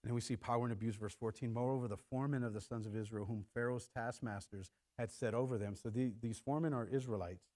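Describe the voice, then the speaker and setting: A middle-aged man preaching a sermon in church, animated and acting out quoted lines in shifting voices. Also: mid-range voice, fast talker, hardly any pauses. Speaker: pastor.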